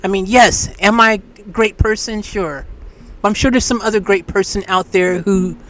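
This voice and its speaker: Live-stream host, casual chat, rambling, animated, lots of restarts. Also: mid-range voice, normal speed. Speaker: livestream host.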